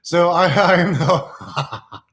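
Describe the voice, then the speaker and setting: A man's voice: high-pitched, lively intonation, slow, a bit bright. A man giving playful, repetitive self-help affirmations to camera, exuberant and goofy, laughing often.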